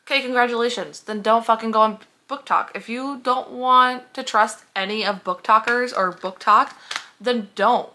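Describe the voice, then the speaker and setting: A woman's voice: a little high, normal speed, sharp tone. A young woman reviewing books in a casual vlog, heated and sarcastic, swearing freely as she reacts. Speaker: book reviewer.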